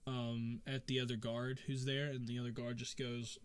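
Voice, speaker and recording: A man's voice: medium pitch, flat delivery, normal speed, clean tone. A young man narrating as game master in a rambling way, full of fillers, laughing often.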